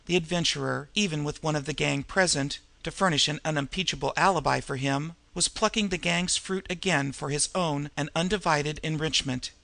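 A man reads a crime novel aloud in a steady, measured way. His voice is gravelly with a bright, sharp edge and sits slightly high. The sound is close and dry. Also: dry recording. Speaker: audiobook narrator. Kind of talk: audiobook narration of a crime novel.

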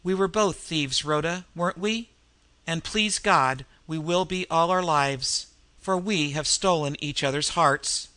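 A man voicing a gallant male adventurer who speaks softly and gently. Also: fairly high pitch, unhurried. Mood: gentle. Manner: soft, gentle.

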